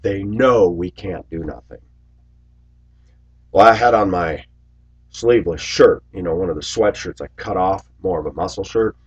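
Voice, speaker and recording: A man in his forties telling stories in a rambling monologue to his viewers, raising his voice loudly when he acts out what people said. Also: sits low, normal speed, long pauses, breathy edge, lo-fi sound. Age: 40s. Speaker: video blogger. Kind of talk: casual monologue to camera.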